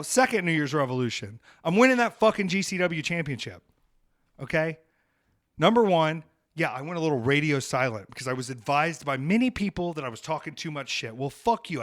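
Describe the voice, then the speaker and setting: Profane, heated man with a higher voice. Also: expressive, normal speed, fairly bright tone. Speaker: podcast host. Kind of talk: ranting podcast monologue.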